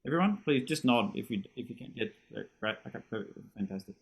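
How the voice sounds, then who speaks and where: A man's voice: medium pitch, expressive, fast. A middle-aged man teaching a horn masterclass over a video call, encouraging and self-deprecating, showing ideas with sung syllables.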